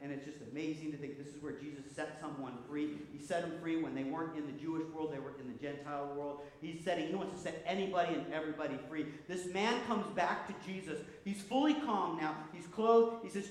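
A man preaching a sermon as pastor, animated, with frequent restarts and repeated words. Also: a little high, fast talker, few pauses. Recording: echoey hall with long reverb.

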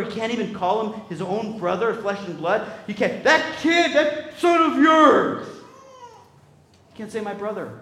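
A man preaching a sermon in an animated, conversational way, swinging between loud bursts and quiet asides and checking in with his listeners. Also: high voice, reverberant, slight background noise. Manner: conversational, checks in with "right?" and "okay?". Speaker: pastor.

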